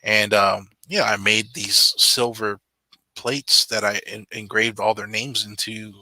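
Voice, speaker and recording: An earnest man recounts a personal story in casual conversation, full of fillers and restarts. His voice sits low but has a very bright, edgy timbre. The sound is close and dry. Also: flat delivery, takes it slowly, dry recording. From Samoan. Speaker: channel member guest. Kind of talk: casual video call chat.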